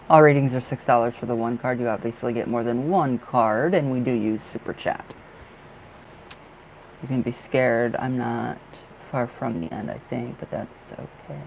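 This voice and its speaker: In a dark room at home, a young man reads tarot for a live stream, talking casually with viewers while often apologizing, laughing, and losing focus. His voice is medium-pitched, gravelly, and darkish in tone. A faint hiss or hum runs through the rough recording.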